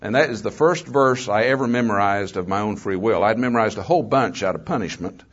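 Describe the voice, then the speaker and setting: A man's voice: lowish voice, brisk. Older man telling folksy stories. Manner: folksy, conversational, with joking asides. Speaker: guest speaker, former mayor. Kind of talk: storytelling testimony talk to an audience. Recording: slightly dull lo-fi recording.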